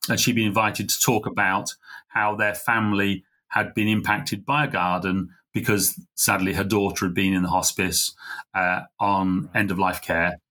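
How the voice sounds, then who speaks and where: A middle-aged man, a podcast guest, telling a heartfelt story in an earnest, halting way. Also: low voice, flat delivery, bright, forceful tone. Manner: earnest, halting, full of fillers and restarts. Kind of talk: conversational storytelling.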